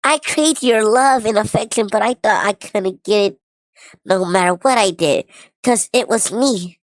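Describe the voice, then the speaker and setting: A woman streamer voicing a cute, squeaky e-girl through a voice changer, reading in a mock-sweet, pleading way. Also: unhurried, dry recording, rough recording.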